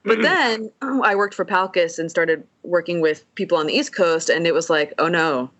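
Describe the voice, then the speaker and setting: A speaker from California co-hosts a casual podcast chat in a bright, sharp voice. The tone is earnest, and the speaker leads the talk with thoughtful questions. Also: mid-range voice, moderate pace, lo-fi sound.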